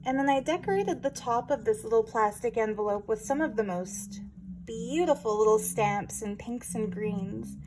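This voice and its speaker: A woman's voice: fairly high pitch, animated, normal speed. A woman chatting casually through a craft journal flip-through, with playful self-aware asides. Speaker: junk journal crafter showing her work. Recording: noticeable background noise.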